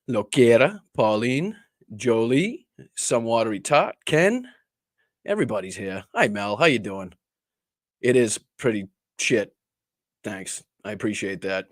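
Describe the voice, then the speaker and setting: A man's voice: fairly low pitch, no room sound, clean studio sound. A man hosting a casual political live stream, rambling and joking with crude asides while he chats with viewers. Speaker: political livestream host.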